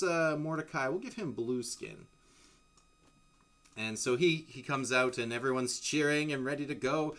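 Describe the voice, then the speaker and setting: A man's voice: mid-range voice, moderate pace, fairly bright tone. A man narrating a tabletop game as game master in a casual, rambling way with many restarts. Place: home streaming setup.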